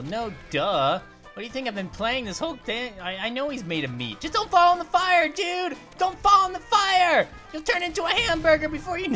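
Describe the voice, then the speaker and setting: A performer voicing a cheerful young male cartoon grape who jokes and cries out while playing a video game, over faint music. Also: mid-range voice. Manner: excitable, jokey, cries out at near misses. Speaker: let's play commentator. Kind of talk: cartoon character let's play commentary.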